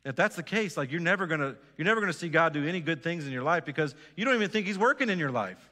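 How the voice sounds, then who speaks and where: A man's voice: a little high, lively intonation, racing, bright, forceful tone, big-room sound. A man preaching a sermon as pastor, earnest, repeating phrases and putting direct questions to his congregation. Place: church sanctuary.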